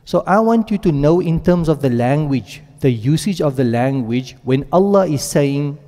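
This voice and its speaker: An animated man with a warm, higher-side voice teaches a Quran class in a large hall. Explaining step by step, he checks in with students often and recites Arabic verb forms in fast runs.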